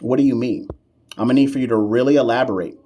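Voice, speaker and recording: A man's voice: mid-range voice, fast, dark tone. A man tutoring nursing exam questions on a live stream, playful and sassy, talking back to viewers' comments with slang and repeated emphasis. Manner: slang-heavy, emphatic repetition.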